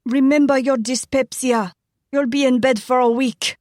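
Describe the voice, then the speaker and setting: A woman's voice: sits high, fairly even intonation, moderate pace, a little mellow, no room sound, clean studio sound, pitched above the performer's own voice, lightly acted. A woman voicing a flustered, coaxing mother. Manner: soothing, pleading. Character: flustered middle-aged Southern mother, coaxing.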